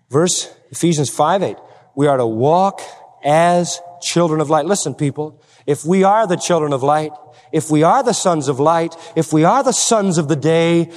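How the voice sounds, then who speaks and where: Male preacher, high and lively voice, emphatic sermon delivery, long hall reverb. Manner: emphatic, with rhetorical questions to the congregation.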